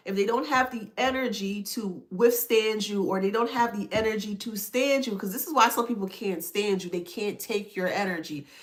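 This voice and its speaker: A woman talks straight to her viewers in a motivational self-help style. Her delivery is emphatic and preachy. She drives points home by repeating them and often checks that they follow. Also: mid-range voice. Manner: emphatic, preachy, repeats herself, asks "that makes sense?". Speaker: spiritual self-help vlogger. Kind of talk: motivational talk to camera.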